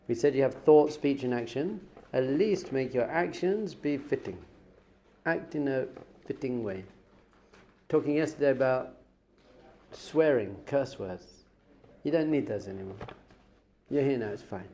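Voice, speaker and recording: A man teaching as a rabbi in a lively class for young students, telling stories with acted-out exclamations and frequent laughs. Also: medium pitch, measured pace, pauses often, a little hiss or hum. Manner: animated storytelling, acts out quotes with exclamations; chatty, laughs often.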